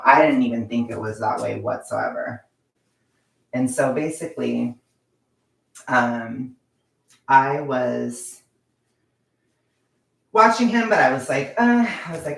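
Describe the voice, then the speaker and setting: A man's voice: medium pitch, gravelly, a bit bright, reverberant, recorded from a distance. A young man vlogger telling a personal story in casual chat, rambling with lots of fillers like "like" and "blah, blah.".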